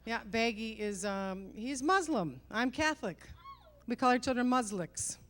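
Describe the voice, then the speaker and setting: A middle-aged woman performing a stand-up comedy set on stage, with punchy self-mocking delivery and quick rhetorical asides to the crowd. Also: on the high side, lively intonation, slight background noise.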